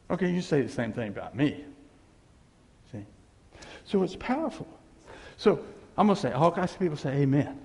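Man, pastor, high voice, gravelly, animated sermon, echoing church. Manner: animated, swings between loud exclamations and low murmurs. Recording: reverberant hall sound.

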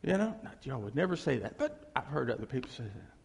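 A man preaching a sermon, emphatic and animated, acting out the people he quotes. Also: mid-range voice, fast, creaky, slightly rough. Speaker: pastor. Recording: long reverb of a big hall.

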